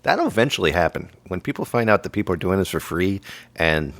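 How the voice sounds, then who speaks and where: Low-voiced joking podcast host. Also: male voice, sing-song, a little fast, fairly bright tone, dry recording. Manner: joking, playful teasing. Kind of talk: casual comedy banter.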